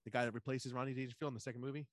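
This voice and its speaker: A man chatting casually and excitedly retelling movie scenes, swearing a lot. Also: mid-range voice, rapid-fire, no room sound. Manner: animated storyteller, swears a lot, acts out movie quotes. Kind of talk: casual chat.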